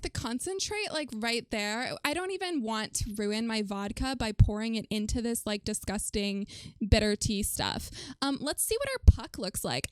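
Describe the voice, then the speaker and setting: A chatty woman streaming from home, talking through her experiment and answering chat with lots of fillers. Her voice sits a little high and sounds smooth and clear. The sound is close and dry, with almost no room echo. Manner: chatty and animated, reads chat aloud, frequent "um" and "like". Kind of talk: casual livestream chat.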